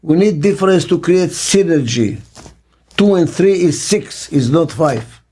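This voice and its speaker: An older man giving an interview as a business consultant, speaking slowly and emphatically and repeating key words for stress. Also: a little high, animated, warm tone, slight background noise. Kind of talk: reflective interview monologue. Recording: faint music underneath.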